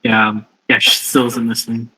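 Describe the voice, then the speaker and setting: A man's voice: medium pitch, monotone, moderate pace, bright, forceful tone, breathy edge, rough recording. A man playing a tabletop game, talking in a dry, laid-back way. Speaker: player.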